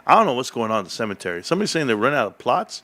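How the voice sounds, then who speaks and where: A man's voice: mid-range voice, rapid-fire. A man hosting a casual livestream, rambling and joking as he chats and reads the chat. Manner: rambling, animated, jokey. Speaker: livestream host.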